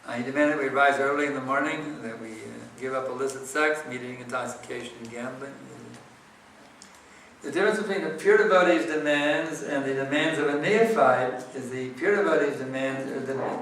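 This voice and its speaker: A man's voice: medium pitch, fairly quick, fairly bright tone, distant mic, slight background noise. A man giving a devotional morning class and answering questions, speaking conversationally with frequent rhetorical questions, in a temple hall. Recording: echoey temple hall, speaker set back from the mic.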